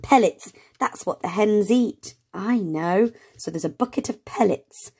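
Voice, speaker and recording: Slow, encouraging woman reading to children. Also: mid-range voice, mellow, breathy edge. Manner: slow, encouraging, sounds out words letter by letter. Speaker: early reading teacher. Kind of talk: reading a phonics picture book aloud to children.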